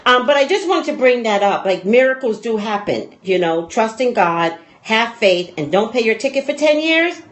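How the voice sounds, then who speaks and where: A rambling, talkative woman hosts a casual chat show. Her pitch swings widely as she talks. A faint hiss sits under her voice. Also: expressive, normal speed, few pauses, rough recording. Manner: rambling, chatty, laughs often. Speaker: talk show host.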